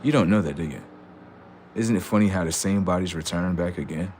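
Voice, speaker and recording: A man's voice: low-pitched, a little fast, a little mellow, slight background noise. A man ranting on a livestream, profane and mocking, laughing often. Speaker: streamer. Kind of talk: casual livestream rant.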